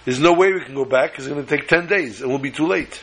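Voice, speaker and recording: A man's voice: fairly high pitch, fast talker, creaky, slightly rough, low-quality recording. A man voicing a resourceful, determined merchant who speaks earnestly and insistently. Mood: desperate. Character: resourceful male Jewish merchant, calm and determined.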